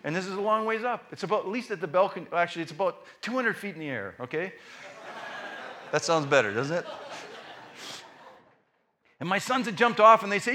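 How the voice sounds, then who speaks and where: Animated, bright-voiced male preacher telling stories. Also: fairly high pitch, brisk, long pauses. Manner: animated, acts out family voices; casual with many fillers. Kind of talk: storytelling sermon.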